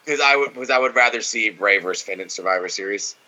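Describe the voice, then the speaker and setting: A man's voice: lowish voice, fast, pushed and bright, lo-fi sound. A man co-hosting a casual podcast, watching wrestling and giving blunt, opinionated takes full of swearing. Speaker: podcast co-host.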